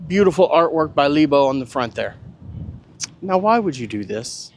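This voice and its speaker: A man's voice: on the high side, sing-song, normal speed, a little mellow. Upbeat man vlogging at a cruise port. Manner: chatty, upbeat tour-guide commentary with easy asides. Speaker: travel agent and travel vlogger. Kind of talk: casual walking travel vlog. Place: outdoors at a cruise port shopping area.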